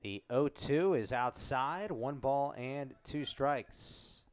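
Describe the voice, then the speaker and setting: Male play-by-play announcer, clean resonant tone, short measured calls of each pitch. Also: clear, resonant tone. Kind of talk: live baseball play-by-play commentary.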